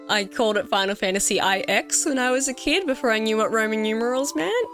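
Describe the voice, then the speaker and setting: A woman in her thirties with an Australian accent, giving gushing, excitable commentary on a game she loves. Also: fairly high pitch, fairly quick. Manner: excitable and gushing, laughs often. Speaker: let's play gamer. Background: faint game music.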